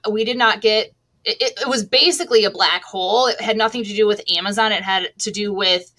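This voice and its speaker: A woman's voice: mid-range voice, a little fast, bright, forceful tone. A middle-aged woman, an online seller, talking casually as an interview guest with a chatty, laughing manner and many restarts.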